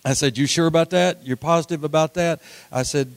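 A middle-aged man preaching a sermon, telling folksy stories with repeated words and swings from loud to hushed. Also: on the high side, brisk, creaky, no echo. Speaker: pastor.

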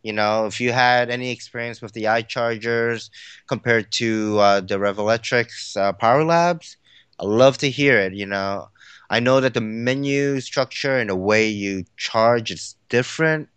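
男人，随意闲聊的播客主持人. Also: male voice, mid-range voice, a little slow, fairly bright tone, smooth, dry recording. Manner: rambling, filler-heavy, laughs easily. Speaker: podcast co-host. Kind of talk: casual chat.

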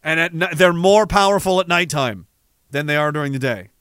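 A man rambles through viewer messages on his livestream, sardonic and quick to swear. His voice sits a little high for a man and has a bright, forceful edge. The sound is dry and close, with no room around it. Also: clean tone, no room sound. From Canada. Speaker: livestream host. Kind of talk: casual livestream chat reading viewer messages.

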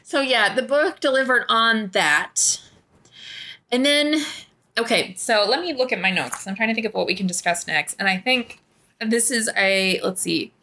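A woman's voice: on the high side, moderate pace, pushed and bright. A young woman co-hosting a casual book discussion podcast, rambling animatedly with frequent groans and sighs. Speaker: book club podcast co-host.

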